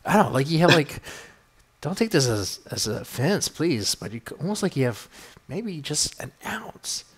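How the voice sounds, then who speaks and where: A man's voice: a little high, sing-song, normal speed, husky. A man hosting a podcast in loose, rambling chat, swearing freely and stacking fillers. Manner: rambling, profane, many fillers. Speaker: podcast host.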